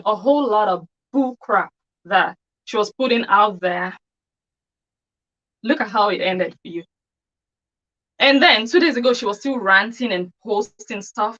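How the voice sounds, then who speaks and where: A woman's voice: medium pitch, a bit bright, lo-fi sound. A woman giving an opinionated commentary monologue on her channel, scornful and full of rhetorical questions. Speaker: commentary vlogger.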